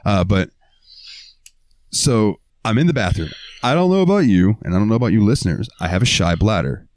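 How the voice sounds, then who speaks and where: A man's voice: on the low side, animated, fairly quick, a little mellow. A young man hosting a podcast, telling a story in a rambling, profane, casual way. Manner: rambling, profane, lots of fillers. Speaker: podcast host.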